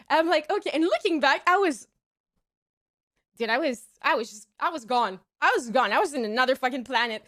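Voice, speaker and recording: A young woman streamer casually telling a story to her chat, acting out the quoted lines in squeaky high voices. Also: lively intonation, brisk, a bit bright.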